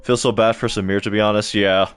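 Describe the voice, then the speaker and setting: A man's voice: lowish voice, little pitch movement, fast, smooth, faint music behind. A young man chatting casually to his live-stream audience while playing a game, stumbling over words as he talks.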